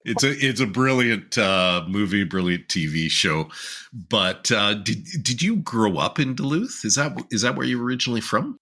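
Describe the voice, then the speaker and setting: A man's voice: fairly low pitch, expressive, moderate pace, sharp tone. A man hosting an interview podcast, teasing and joking with his guest in casual chat. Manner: teasing, jokey, laughs often. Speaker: podcast host.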